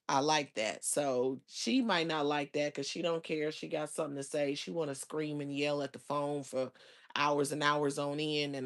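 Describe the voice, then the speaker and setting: Gravelly-voiced woman chatting on a livestream. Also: low-pitched. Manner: chatty, rambling, slangy, bursts into loud exasperated outbursts. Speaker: livestream host. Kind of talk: casual livestream chat with viewers.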